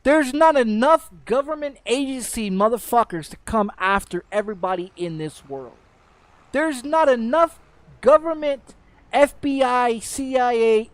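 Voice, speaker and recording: A man's voice: very high-pitched, no echo. Brief: middle-aged American male streamer, angry cursing rant, stammers and restarts, dry close mic. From United States. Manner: profane, angry, repeats and restarts words. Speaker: game streamer. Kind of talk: heated off-topic rant on a livestream.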